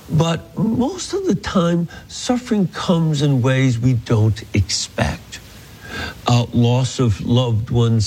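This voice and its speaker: Slow, husky-voiced man teaching scripture. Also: a little high, a little mellow, poor audio. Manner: reads verses slowly, then explains them earnestly. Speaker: Bible teacher.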